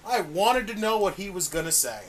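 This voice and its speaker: Casting: high-pitched male podcaster, profane and exasperated, slight hiss behind. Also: lively intonation, moderate pace. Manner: ranting, exasperated, swears constantly. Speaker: podcast co-host reviewing wrestling. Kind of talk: casual profane chat.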